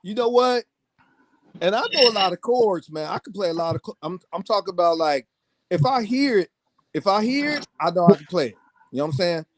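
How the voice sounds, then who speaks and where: A man with a high voice tells music business stories on a video call. He talks casually and animatedly, slipping into other people's voices and tossing in "man" at every turn. The sound is dry and close. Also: a little fast, no echo. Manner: animated, acts out quoted voices, says "man" constantly. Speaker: music producer guest. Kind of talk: casual storytelling chat.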